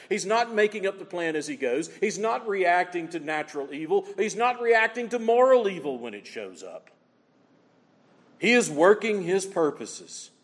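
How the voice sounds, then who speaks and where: A man preaching a sermon as pastor, emphatic, swinging between loud exclamations and low, quiet asides. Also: in a large hall.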